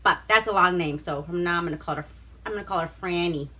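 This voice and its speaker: A woman's voice: fairly low pitch, quick pace, bright, forceful tone. A woman hosting a casual vlog, recapping a movie in a chatty, profane way. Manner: profane, chatty, acts out quotes. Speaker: vlog host reviewing a movie.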